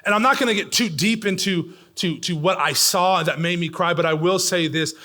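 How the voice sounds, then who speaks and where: A middle-aged man preaching a sermon in a church, swinging between loud, pressing lines and hushed, near-whispered ones. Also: high voice, moderate pace. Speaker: pastor. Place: church sanctuary.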